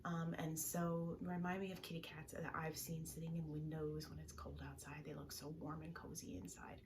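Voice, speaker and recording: A woman librarian reads bedtime stories and leads a calming stretch for children. Her voice is gentle and soothing, sits somewhat low, and often sinks into soft whispers. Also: normal speed, background noise. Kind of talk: bedtime story time and breathing exercise.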